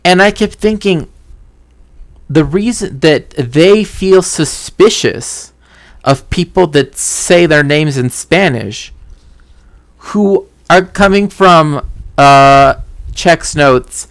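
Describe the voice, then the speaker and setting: Hosting a stream, a man from Mexico tells a story in casual chat, rambling and interrupting himself, often starting sentences over. His voice is fairly high and slow, captured in a dry, studio-quality recording.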